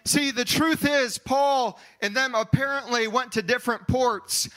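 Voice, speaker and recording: A man preaching a sermon as pastor, slipping into sung cadences and calling out his points with shouts. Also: very high voice, unhurried, poor audio.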